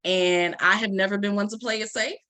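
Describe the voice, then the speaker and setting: A woman's voice: mid-range voice, fairly even intonation, fairly quick, sharp tone. A woman, a life coach telling a personal story to an audience and acting out the lines she quotes. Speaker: life coach and Reiki practitioner.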